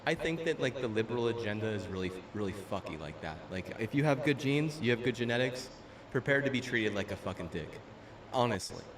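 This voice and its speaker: Brief: young male streamer, profane ranter, mid pitch, miked from a distance in an echoey room. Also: animated, brisk. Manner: profane, ranting, lots of fillers and restarts. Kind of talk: casual rant while gaming. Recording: roomy, distant mic with faint room noise.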